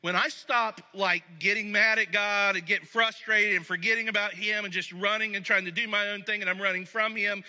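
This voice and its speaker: A man preaching a sermon as pastor, talking to the congregation conversationally and going soft and low when he reads scripture. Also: fairly even intonation, a little fast, few pauses. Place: church sanctuary. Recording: long reverb of a large hall.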